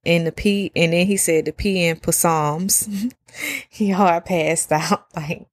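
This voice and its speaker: A woman, hosting a casual solo podcast and talking in an animated, slangy way with free swearing. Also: on the low side, slow pace, long pauses, no echo, clean studio sound. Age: 30s. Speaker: podcast host.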